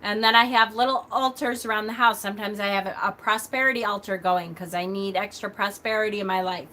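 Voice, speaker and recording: A middle-aged woman teaching a casual livestream lesson, chatty and quick with lots of fillers, coughing now and then. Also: medium pitch, steady tone. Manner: chatty, talks a lot and loudly and quickly, frequent fillers. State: coughing at times.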